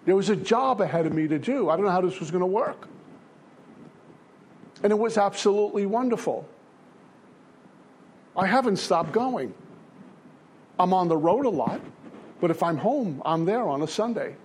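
A man's voice: high-pitched, lively intonation, normal speed, pauses often, a little hiss or hum. Earnest older man telling his story. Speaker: recovery speaker. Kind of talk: personal testimony talk.

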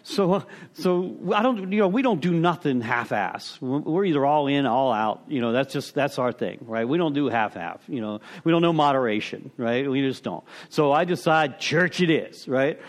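Lively, rambling middle-aged man. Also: medium pitch, moderate pace, hardly any pauses. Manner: rambling, self-interrupting storyteller who chuckles at himself. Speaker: speaker sharing at a recovery meeting. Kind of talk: personal story share to a group.

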